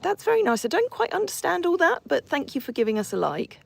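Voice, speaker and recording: A woman's voice: extremely high pitch, big pitch swings, fast, vocal fry. A woman hosting a casual live stream from horseback outdoors, reading viewer comments and cooing and scolding her horses in between.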